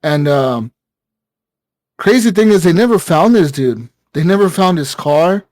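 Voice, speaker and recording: A man's voice: on the high side, animated, a little slow, a little mellow, no room sound. A man casually telling a long story on a gaming podcast, rambling with lots of fillers and swearing. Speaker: podcast co-host.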